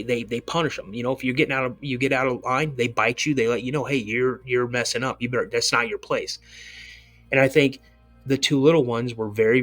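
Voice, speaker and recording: An earnest man recounts his own experience as a podcast guest, in a mid-range voice. His telling is casual and rambling, and he circles back over the same words to stress a point. Soft music sits quietly behind him. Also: medium pitch. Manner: earnest, rambling, repeats himself for emphasis. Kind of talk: casual first-person storytelling.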